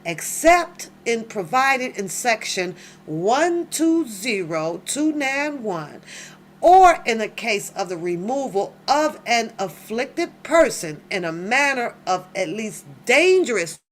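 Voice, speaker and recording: Laughing, animated woman reacting to a legal filing. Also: on the high side, takes it slowly, a little hiss or hum. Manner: animated, laughs often, exclaims to her audience. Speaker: reaction channel host. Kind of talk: casual reading and reaction commentary.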